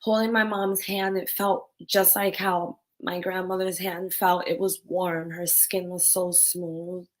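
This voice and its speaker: Casting: young adult woman, lowish voice, raw and candid, on the verge of tears, personal vlog. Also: flat delivery, measured pace, hardly any pauses. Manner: raw, tearful and candid, swears. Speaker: vlogger.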